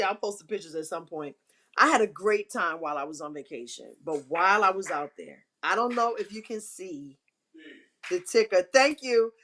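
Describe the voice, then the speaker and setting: A woman's voice: mid-range voice, fairly bright tone. A middle-aged woman hosting a live stream, giving emphatic, repetitive, churchy encouragement. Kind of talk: inspirational live-stream talk.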